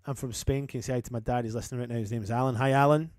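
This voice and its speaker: Here a man from England races through his words in a warm, medium-pitched voice with little pitch movement. As a fan channel host doing a live football watchalong, he calls the action, reads out viewer comments, and breaks off to greet people in a chatty, matey style. It's a dry, studio-quality recording.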